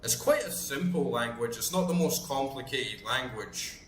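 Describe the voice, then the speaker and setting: An English-speaking man in his thirties hosts a gaming channel, talking at a moderate pace in an expressive, fairly bright mid-range voice. His casual play-along chatter rambles with fillers and free swearing, captured with roomy echo and faint noise.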